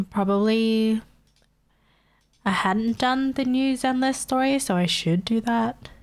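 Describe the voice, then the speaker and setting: A woman's voice: a little high, takes it slowly, long pauses. A young woman streamer with a stuffy nose and sore throat, chatting casually and answering her chat. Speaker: live streamer.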